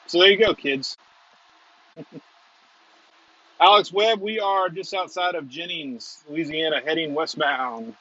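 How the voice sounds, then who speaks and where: A man rambles and chuckles through a casual livestream chat from inside a moving car. His voice sits a little high, and the lo-fi audio sounds dull and muffled. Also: a little slow, pauses often, sharp tone. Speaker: storm chaser, stream host. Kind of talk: casual live chat while driving.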